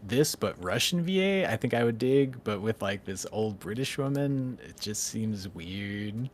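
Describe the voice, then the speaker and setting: A man co-hosting a casual gaming podcast, talking in a relaxed, laid-back way with some casual swearing. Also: lowish voice, measured pace, slight background noise. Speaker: podcast co-host.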